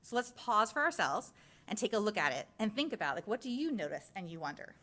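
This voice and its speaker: A woman's voice: mid-range voice, very animated, fast talker, pushed and bright. A woman presenting a science curriculum at a school board meeting, walking through slides step by step in an explanatory way. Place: public meeting room.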